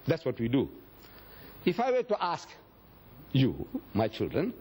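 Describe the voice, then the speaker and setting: Husky man lecturing. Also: medium pitch, huge pitch swings, normal speed, long pauses, darkish tone. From South Africa. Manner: dramatic storytelling, acts out quoted speech. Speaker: Islamic lecturer. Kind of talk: public religious lecture.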